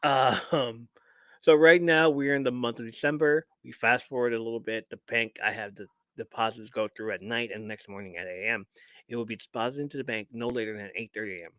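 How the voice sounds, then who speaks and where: A man hosting a live show, reading a listener's story aloud and stopping for lively, profane asides to the audience. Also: mid-range voice, brisk, no room sound. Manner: animated, profane, laughs often, talks straight to listeners.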